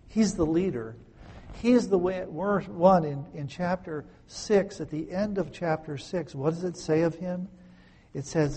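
A man's voice: a little high, a little slow, warm tone, breathy edge, big-room sound. A male preacher giving a sermon, speaking emphatically and asking rhetorical questions. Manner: emphatic, rhetorical questions, dramatic scripture quoting.

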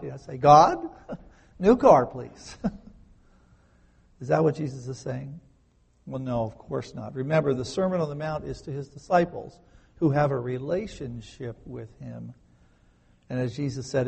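A man's voice: mid-range voice, vocal fry, darkish tone, breathy edge. A man in his fifties preaching a sermon, emphatic, repeating key words and putting questions to his listeners. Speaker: pastor.

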